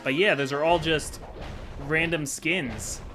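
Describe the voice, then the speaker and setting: A man's voice: fairly high pitch, fairly even intonation, slow, over music. A man giving rambling, casual commentary while playing a video game, chatty and self-deprecating. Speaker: video game let's-play host.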